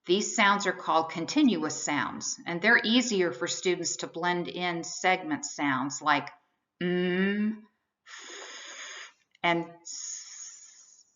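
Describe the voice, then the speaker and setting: Bright, slow-spoken woman explaining phonics. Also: fairly low pitch. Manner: measured, explanatory delivery. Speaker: reading instructor. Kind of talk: scripted instructional narration. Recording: slightly dull, lo-fi voice-over.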